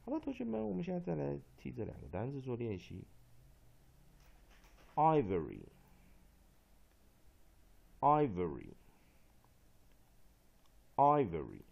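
A man with a Taiwanese accent teaching English pronunciation, slowly spelling out letters and repeating sounds. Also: on the high side, huge pitch swings, gravelly. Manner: slow, drawn-out spelling and repetition of sounds. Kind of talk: spoken phonics lesson. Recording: dull lo-fi recording.

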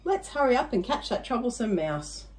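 A woman's voice: on the high side, very animated, moderate pace. A woman doing an eager crowing rooster. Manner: eager, urging.

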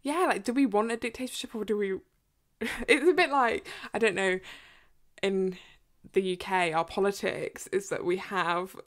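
A woman with an English accent co-hosting a podcast in casual chat, animated and giggly, with many "like" fillers. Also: medium pitch, moderate pace. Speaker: podcast co-host.

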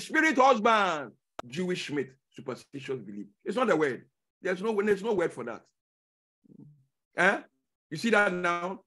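A male pastor teaching a Bible sermon, his voice sitting high for a man. He hammers key phrases again and again, jumping from loud exclamations to quiet, low asides. Every few lines he throws out a rhetorical question to his listeners. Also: sing-song, normal speed, breathy edge. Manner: emphatic, repeats key words, swings from loud bursts to low asides.

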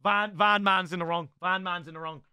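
Excitable young man, high bright voice. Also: fairly quick, a little hiss or hum. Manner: excitable, bursts into shouting. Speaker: streamer reacting to clips. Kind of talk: casual reaction commentary.

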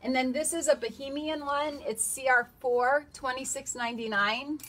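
A woman's voice: high-pitched, fairly even intonation, normal speed, heavy background noise. A woman hosting a live shopping stream, chatting and reading out item codes and prices. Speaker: shop host presenting products.

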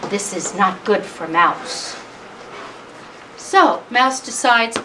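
A woman telling a traditional animal tale to a live audience, in a slow, deliberate way with long pauses. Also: medium pitch, animated, sharp tone, a little hiss or hum. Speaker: storyteller. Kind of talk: oral storytelling at a live concert. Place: event hall. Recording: distant mic at a live event.

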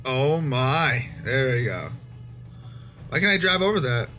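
Young man, gaming commentary, bright tense voice, lively swings in pitch, swears a lot, faint music behind. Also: measured pace, long pauses. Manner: swearing, exasperated, joking. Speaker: gaming YouTuber. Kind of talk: casual gameplay commentary.

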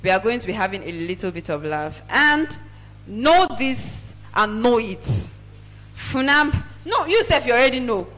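A woman's voice: on the high side, very animated, measured pace, fairly bright tone, poor audio. A woman co-hosting a live event, chatty and drawing out words for emphasis. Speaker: event co-host. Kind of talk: live MC banter.

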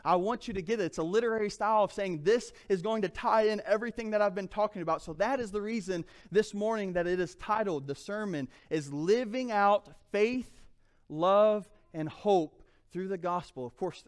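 A man preaching a sermon as pastor, reading scripture and calling out to the congregation. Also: high voice. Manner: emphatic, calls out to the congregation.

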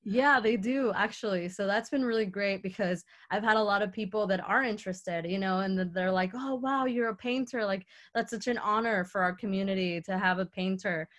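A woman's voice: mid-range voice, fairly even intonation, fairly quick, hardly any pauses, fairly bright tone. Earnest young woman telling a personal story. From Mexico. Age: young adult. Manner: earnest, heartfelt, acts out quoted dialogue. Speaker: artist speaking at a lecture Q&A.

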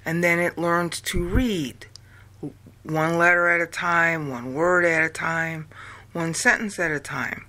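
A woman from the United States explaining an idea to viewers, slow and deliberate, drawing words out and counting them aloud. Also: fairly low pitch, fairly even intonation, pushed and bright. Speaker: video lecturer. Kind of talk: explanatory talk.

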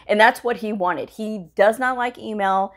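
A woman talking on her vlog in a relaxed, chatty way, recording at home. She tells stories from her job as a medical coder and acts out quoted lines, jumping up in pitch for them. Her pitch sits in the middle of the usual range for a woman. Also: moderate pace. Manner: animated, acts out quoted dialogue with pitch jumps; conversational, frequent "you know" and "okay?". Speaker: medical coder sharing career advice. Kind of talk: casual storytelling vlog.

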